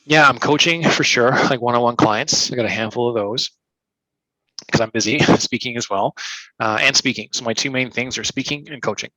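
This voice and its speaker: A man who works as a speaker and coach, answering interview questions with lively advice and acting out short quoted exchanges. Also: medium pitch, moderate pace, dry recording, rough recording. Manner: energetic, acts out little scenes in quoted voices.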